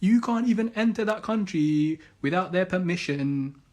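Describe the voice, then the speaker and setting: A man's voice: sits high, animated, moderate pace, a little mellow. A man giving impassioned religious commentary, firing off sarcastic rhetorical questions. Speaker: Islamic commentator.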